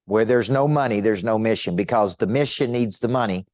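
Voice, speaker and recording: A man's voice: fairly low pitch, brisk, dry recording. Emphatic male coach, dry sound. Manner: emphatic, repetitive, asks the audience rhetorical questions. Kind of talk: motivational teaching talk.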